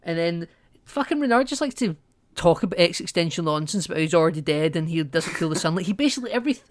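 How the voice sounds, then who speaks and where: A man's voice: a little high, expressive, fast talker, no room sound, studio quality. A man co-hosting a podcast, casually retelling a film's plot at length. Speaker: podcast co-host. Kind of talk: casual film recap chat.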